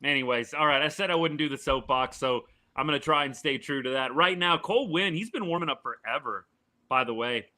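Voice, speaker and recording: A man hosting a live baseball reaction show, giving his opinions and answering viewer comments in a casual, animated way. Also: on the high side, brisk. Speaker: sports podcast host. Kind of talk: live game reaction chat.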